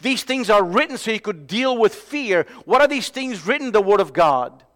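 High-voiced preacher in a reverberant hall. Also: male voice, sing-song, normal speed. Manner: preaching with sudden swings from loud to hushed. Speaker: pastor. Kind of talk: sermon.

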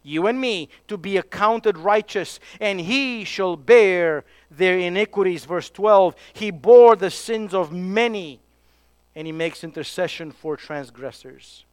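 A man preaching a sermon, emphatic, dropping to hushed tones for key points. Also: high voice, slow pace, clean tone, dry recording.

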